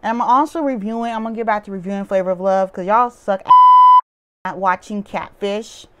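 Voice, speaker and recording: A woman's voice: mid-range voice, steady tone, brisk. A woman talking straight to her audience in a loose, unscripted vlog recap. She rambles from point to point with lots of "um" and "like" filling the gaps. She tosses in blunt, opinionated asides as she goes. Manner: rambling, chatty, with frequent "um" and "like" fillers. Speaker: reality TV recap vlogger. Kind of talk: casual monologue recapping a TV show.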